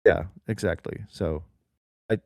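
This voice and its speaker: A young man co-hosting a comedy podcast, rambling through an absurd story in a deadpan way. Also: deep voice, unhurried, dry recording, clean studio sound. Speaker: podcast co-host. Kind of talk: casual comedic chat.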